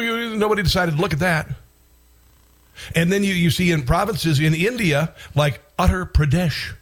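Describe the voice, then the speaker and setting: A man hosting a political talk show, delivering an indignant, rambling commentary monologue with frequent restarts and bursts of outrage. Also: on the high side.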